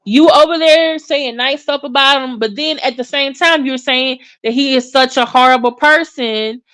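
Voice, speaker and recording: Sassy, animated woman commentator. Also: high-pitched, moderate pace, clean tone. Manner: sassy, animated, acts out quotes with sighs. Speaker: YouTube commentator. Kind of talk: casual commentary on online drama.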